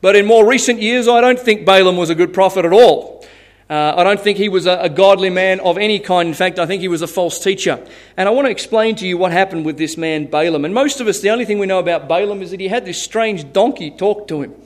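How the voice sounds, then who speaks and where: A man preaching a sermon as pastor, telling Bible stories in a lively way and laughing at his own tales. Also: sits high, fast.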